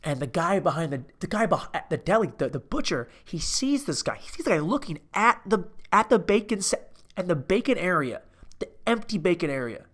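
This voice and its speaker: A man hosting a comedic movie recap, rambling off on tangents with sudden bursts of excitement. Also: high voice, brisk. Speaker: host.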